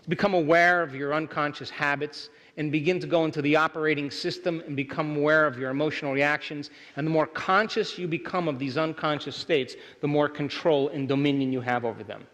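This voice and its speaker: A man's voice: on the high side, a bit bright. A man giving a motivational seminar lecture to a live audience, keeping them engaged by asking if they follow along. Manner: keeps checking in with the audience. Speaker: seminar speaker. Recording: long hall reverb.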